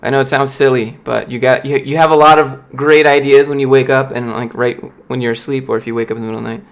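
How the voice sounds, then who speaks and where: A man's voice: mid-range voice, fairly even intonation, fast. A young man on a casual livestream, reading and answering viewer chat in a blunt, motivational way. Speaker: streamer, software developer.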